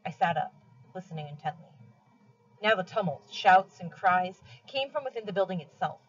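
A woman reads a novel aloud for a class in steady, expressive first-person narration. Her voice is husky and fairly low. The recording sounds muffled and lo-fi. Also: normal speed.

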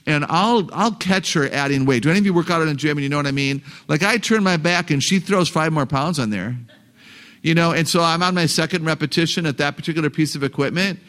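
A man's voice: on the high side, quick pace, fairly bright tone. A man giving a live talk to parents, joking and asking the audience questions. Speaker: parenting seminar speaker.

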